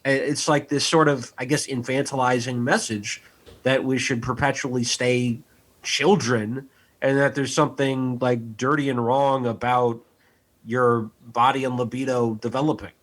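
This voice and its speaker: A man co-hosting a podcast chats casually in a wry, rambling way. His mid-range voice is a bit bright, with fairly even intonation and normal speed.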